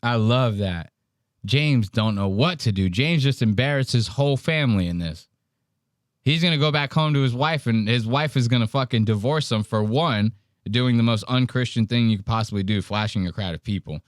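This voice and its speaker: A man's voice: mid-range voice, moderate pace, no room sound, studio quality. A man hosting a podcast, giving crude, joking commentary on comedy clips and laughing often. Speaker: podcast host.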